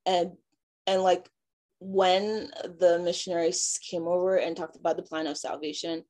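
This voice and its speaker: A young woman from Nigeria, giving a halting personal testimony full of fillers and restarts. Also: on the low side, fairly even intonation, a little mellow. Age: young adult. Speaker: interviewee.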